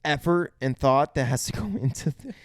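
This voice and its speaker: Gravelly-voiced podcast co-host, man. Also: fairly high pitch, lively intonation, moderate pace, dry recording, clean studio sound. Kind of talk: casual movie review chat.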